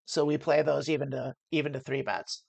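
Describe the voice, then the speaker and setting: A woman's voice: very deep voice, flat delivery, brisk, vocal fry, darkish tone, no echo. A woman streaming poker, explaining each hand aloud as she plays, often restarting her sentences. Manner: thinks aloud about hands, restarts often. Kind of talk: live poker play-and-explain commentary.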